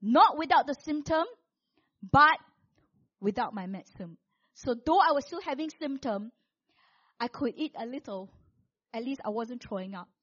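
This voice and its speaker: A woman preaching a sermon, telling a personal story in an animated way and acting out what people said, with big swings between loud and soft. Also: sits high, moderate pace, long pauses, dull audio.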